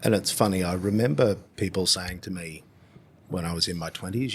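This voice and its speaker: A man, hosting a podcast in casual conversation, animated and swearing freely. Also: sits low, brisk, a little hiss or hum. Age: 50s. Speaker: podcast host.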